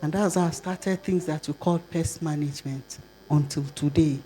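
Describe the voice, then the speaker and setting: An older woman with a Nigerian accent giving a conference talk, lively and asking the audience rhetorical questions. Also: low-pitched, normal speed, slight background noise. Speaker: conference speaker.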